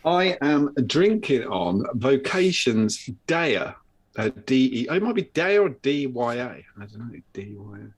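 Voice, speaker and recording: A man's voice: mid-range voice, a little slow, breathy edge. A man co-hosting a live chat show, telling stories in a loose, swearing, joking way. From United Kingdom. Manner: animated storyteller, swears, breaks into laughs and put-on voices. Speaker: co-host. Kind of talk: casual banter on a live show.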